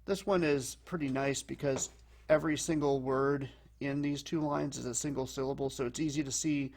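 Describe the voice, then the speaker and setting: A man teaching a lesson, explaining calmly and slowing down to read lines of verse aloud. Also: medium pitch, a little hiss or hum. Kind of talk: explanatory lecture.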